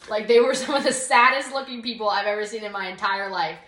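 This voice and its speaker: A young woman co-hosts a casual chat and rants, worked up and sarcastic, peppering her talk with "like". Her voice sits at an ordinary middle pitch. The room around her rings with a noticeable echo. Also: fast, fairly bright tone. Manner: worked-up, sarcastic ranting with lots of "like". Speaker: podcast co-host. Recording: roomy echo.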